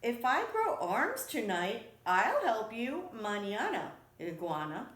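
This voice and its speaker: A lazy storybook rattlesnake always promising help tomorrow, put on by a woman. His voice rises higher and brighter, breezy and offhand. Heard in an echoey room. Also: very animated, slow pace, exaggerated voice. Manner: breezy, excuse-making. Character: lazy male rattlesnake full of excuses.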